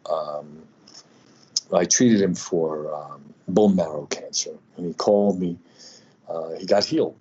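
Low husky man telling his story. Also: warm tone. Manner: halting, with many fillers and restarts. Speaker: healer guest. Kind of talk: personal storytelling in conversation. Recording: slightly dull lo-fi audio.

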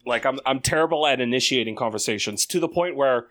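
A man's voice: mid-range voice, fast talker, fairly bright tone. A man co-hosting a podcast, chatting casually in a laid-back, self-deprecating way with casual swearing. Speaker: podcast co-host. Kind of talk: casual banter.

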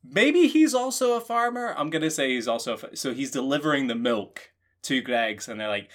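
A Scottish man co-hosting a podcast, riffing through jokes in a deadpan, rambling way. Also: mid-range voice, fairly quick. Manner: deadpan, rambling joking riffs. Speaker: podcast co-host. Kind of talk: comedic casual chat.

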